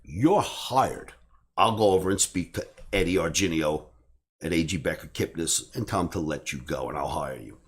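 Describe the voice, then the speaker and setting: A man acting out a brash floor broker in a story he tells, talking blunt and quick. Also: low-pitched, husky, voice pushed down. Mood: eager.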